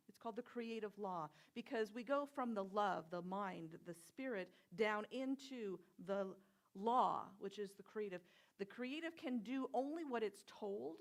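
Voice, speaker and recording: A woman minister giving a conversational sermon, telling personal stories with soft whispered asides. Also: mid-range voice. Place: church sanctuary.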